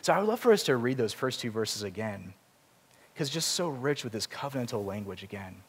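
A man preaching in a church, his voice trailing off into a long hall reverb. He explains things earnestly and slips in self-deprecating asides. His pitch sits in an ordinary middle range. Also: big pitch swings, brisk, fairly bright tone, breathy edge. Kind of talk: sermon. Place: church sanctuary.

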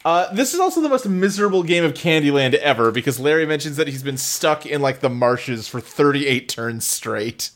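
A man's voice: fairly high pitch, expressive, normal speed, few pauses, a bit bright. A man co-hosting a casual comedy podcast, recounting a cartoon's plot with jokes and frequent laughs. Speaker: podcast co-host. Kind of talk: casual comedic recap chat.

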